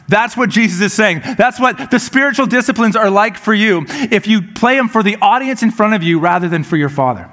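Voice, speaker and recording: A man's voice: sits high, animated, normal speed, a bit bright. A male pastor preaching a conversational, humorous sermon. He often repeats a word as he restarts a phrase.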